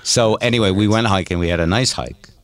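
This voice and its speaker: A man co-hosting a podcast, telling stories in a casual, animated, self-mocking way. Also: lowish voice, a little fast, no echo. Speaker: podcast co-host. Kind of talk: casual storytelling chat.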